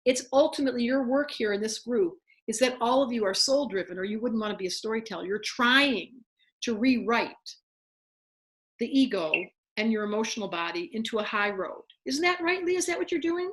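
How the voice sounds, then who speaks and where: Animated woman teaching a spiritual workshop. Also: fairly high pitch, fairly quick. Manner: animated, acts out inner voices. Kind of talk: lively spiritual talk to a group.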